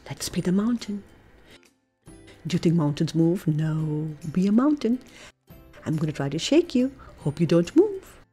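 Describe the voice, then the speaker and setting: An American woman, a preschool teacher, reads a picture book and leads children through playful yoga poses, coaxing and animated with soft breathy asides. Her voice is lowish and a little slow, with long pauses and soft music in the background.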